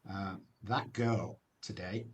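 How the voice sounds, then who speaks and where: A man's voice: low voice, fairly even intonation, slow pace. A man, telling his recovery story as a guest in an emphatic, personal way, often ending phrases with "man". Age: 60s.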